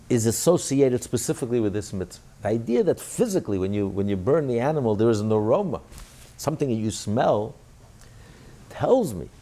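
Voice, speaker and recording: A man's voice: medium pitch, warm tone. A man teaching a rabbinic class, asking and answering his own questions and voicing God's words in the first person with rising emphasis. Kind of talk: Torah class lecture.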